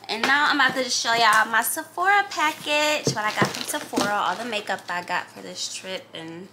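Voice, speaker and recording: A woman's voice: a little high, fairly quick, noisy background. Chatty woman vlogging at her makeup table. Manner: chatty, animated, addresses viewers as y'all and honey. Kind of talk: casual vlog chat.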